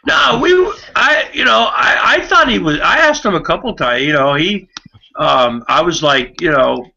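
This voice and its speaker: A man's voice: fairly high pitch, animated, moderate pace, gravelly, pushed and bright. A man chatting casually on an online call, rambling and swearing, with many fillers and restarts. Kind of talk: casual chat. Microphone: online video call. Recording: muffled online call audio.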